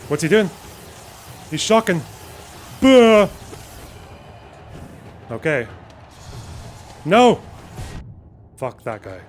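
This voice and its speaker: A man's voice: fairly high pitch, big pitch swings, moderate pace, long pauses, fairly bright tone, soft background music. A young man streaming a game live, reacting with constant swearing and panicky running remarks. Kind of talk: live gameplay commentary.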